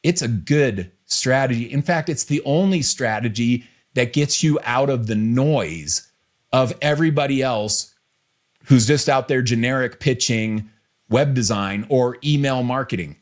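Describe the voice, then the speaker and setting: Relaxed, teasing male podcast host. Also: medium pitch, measured pace. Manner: relaxed, teasing, repeats key phrases. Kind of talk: casual podcast chat and business advice.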